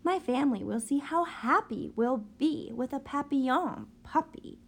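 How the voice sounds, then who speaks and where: Lively woman reading a picture book. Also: high voice, a little slow, creaky. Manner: lively, expressive storytelling with sing-song emphasis. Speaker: reader of a children's book.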